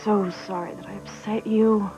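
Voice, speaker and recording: An actress playing a contrite young wife who speaks softly and breathily, pleading with her husband. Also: mid-range voice, steady tone, moderate pace, close to an everyday voice. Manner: soft, breathy and apologetic. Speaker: soap opera actress. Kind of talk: daytime soap acting. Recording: dull TV recording under music.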